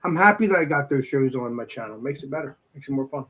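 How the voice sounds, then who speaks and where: A man's voice: mid-range voice, expressive, fast, a crowd in the background, rough recording. A man chatting casually as a guest on a livestream, meandering and repeating himself with lots of fillers. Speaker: guest streamer.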